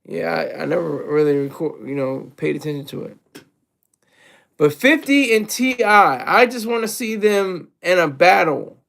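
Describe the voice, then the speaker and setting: High-voiced man rambling about hip hop. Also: very animated, normal speed, creaky, a bit bright. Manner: rambling, self-deprecating, with many restarts. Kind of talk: casual solo commentary.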